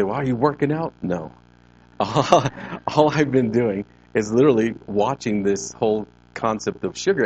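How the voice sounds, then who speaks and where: A man's voice: fairly low pitch, lo-fi sound. Man in his fifties telling his story. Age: 50s. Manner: conversational storytelling, acting out quoted exchanges. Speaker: ministry leader giving a talk. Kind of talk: personal testimony talk to a group. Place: CrossFit gym.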